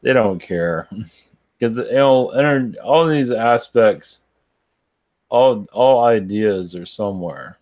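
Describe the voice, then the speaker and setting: A tired man who works as a spiritual channeler, answering chat questions live in a rambling, halting way with many restarts. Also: medium pitch, lively intonation, a little mellow, no echo, dull audio. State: tired, yawning.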